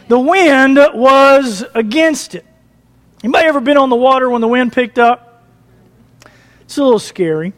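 A man preaching a sermon, animated, asking the congregation questions as he retells a passage. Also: extremely high pitch. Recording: long reverb of a church hall.

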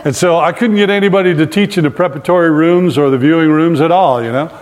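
A man's voice: fairly high pitch, quick pace. A male pastor preaching a sermon with humorous storytelling, asking his congregation questions as he goes. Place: church hall with live congregation. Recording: long hall reverb.

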